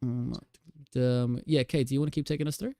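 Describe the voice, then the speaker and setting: A man co-hosting a film podcast, chatting casually with deadpan dark humor. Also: mid-range voice, a little fast, dry recording, clean studio sound. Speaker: podcast co-host. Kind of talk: casual chat.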